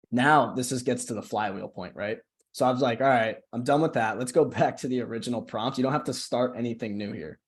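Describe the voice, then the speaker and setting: Casual chatty man coaching on a call. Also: mid-range voice. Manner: casual, chatty, keeps asking "right?". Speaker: social media coach. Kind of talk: casual screen-share tutorial on a call.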